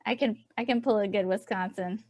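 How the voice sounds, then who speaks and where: A woman's voice: mid-range voice, steady tone, fairly quick, a little mellow. Laughing Southern woman author. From Tennessee, US. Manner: laughing, rambling, self-deprecating. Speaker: author guest. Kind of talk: casual interview chat.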